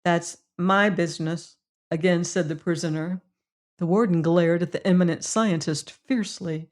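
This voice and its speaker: A woman reading a classic mystery story aloud as an audiobook narrator, in a measured style. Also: on the low side, a little mellow. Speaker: audiobook reader.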